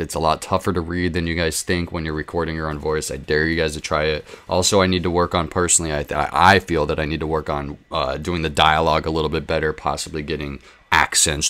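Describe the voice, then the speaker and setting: Low-voiced man chatting to viewers. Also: a bit bright. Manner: rambling, self-deprecating, frequent ums. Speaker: gaming channel host. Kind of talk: casual chat to viewers.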